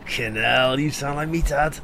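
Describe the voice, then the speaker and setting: A man's voice: mid-range voice, unhurried, creaky, a crowd in the background. A man putting on a Scouse accent to voice a whiny, grumbling male sidekick agent who mumbles his complaints.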